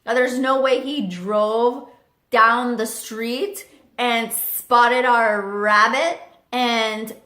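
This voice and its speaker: A young woman telling a chatty storytime vlog story, animated with lots of fillers. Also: on the high side, drawn-out words. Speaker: vlogger. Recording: roomy echo.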